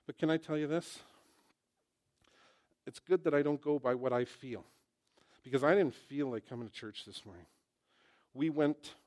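A male pastor preaching a sermon in church, telling stories with lively mock complaints and then speaking quietly and earnestly. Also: mid-range voice. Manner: animated storytelling, swinging from loud mock complaint to quiet earnest prayer.

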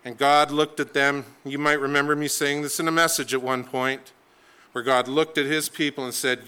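Forceful, emphatic male preacher. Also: medium pitch, little pitch movement, normal speed, clear, resonant tone. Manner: emphatic, dramatic storytelling with sweeping shifts in pace. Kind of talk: sermon.

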